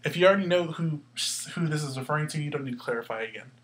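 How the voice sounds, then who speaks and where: A man's voice: a little high, rapid-fire, a little hiss or hum. Patient man teaching a grammar lesson. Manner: patient, step-by-step explaining with questions. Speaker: Spanish teacher.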